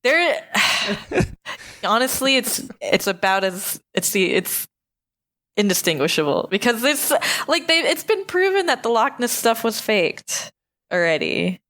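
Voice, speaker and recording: A woman's voice: fairly high pitch, big pitch swings, a little slow, fairly bright tone. Blunt, sarcastic woman podcaster. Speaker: podcast co-host. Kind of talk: casual comedic chat.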